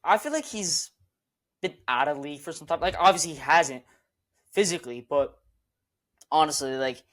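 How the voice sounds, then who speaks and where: A man's voice: a little high, expressive, moderate pace, fairly bright tone. A man co-hosting a casual sports podcast, emotional and rambling, often repeating himself. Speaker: podcast co-host.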